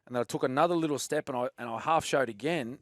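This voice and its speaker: A man with an Australian accent telling old rugby league stories in a casual chat, lively and laughing often, calling his listener "mate". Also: mid-range voice, fast, dry recording, studio quality. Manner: animated, laughs often, says "mate" a lot. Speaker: podcast guest, former rugby league player.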